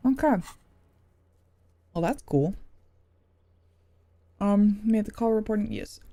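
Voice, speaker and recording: A woman's voice: mid-range voice, very animated, slow, warm tone, dry recording. A woman streaming a video game, chatty and giggly, thinking aloud. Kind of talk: casual game commentary.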